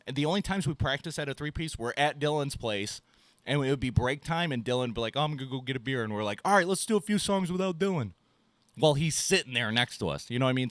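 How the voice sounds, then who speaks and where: Guy with a lowish voice on a podcast, dry close sound, swears a lot, does the other guy's lines too. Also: no room sound. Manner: loose and profane, acts out both sides of phone calls. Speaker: podcast host. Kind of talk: casual storytelling chat.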